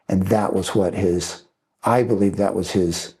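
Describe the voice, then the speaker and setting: Low-voiced man telling a story. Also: measured pace. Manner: animated anecdotal storytelling, acts out quoted voices. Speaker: screenwriter and director guest. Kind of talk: storytelling interview.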